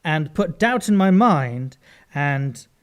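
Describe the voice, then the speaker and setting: A man co-hosting a casual comedy podcast, rambling and hesitant as he overthinks his guesses out loud. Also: on the high side, expressive, takes it slowly. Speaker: podcast co-host, guessing player. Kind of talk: casual banter.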